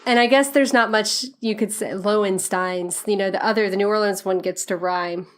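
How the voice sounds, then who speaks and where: A woman's voice: mid-range voice, steady tone, moderate pace. A woman hosting a podcast, chatting casually and teasing her co-host.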